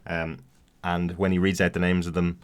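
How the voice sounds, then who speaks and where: In a low, level voice with a clean tone, a non-American podcast co-host talks through a TV episode at a moderate pace. The chat is casual, and his speech is halting and full of fillers and false starts.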